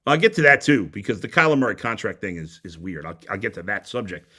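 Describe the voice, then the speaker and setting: A man's voice: lowish voice, big pitch swings, quick pace, bright, forceful tone. A man hosting a sports talk show, ranting bluntly and heatedly with frequent stumbling restarts. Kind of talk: opinionated sports radio rant.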